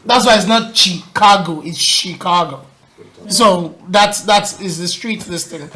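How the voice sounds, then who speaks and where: Bright-voiced easygoing co-host. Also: mid-range voice, normal speed. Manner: explanatory, easygoing. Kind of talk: casual panel chat.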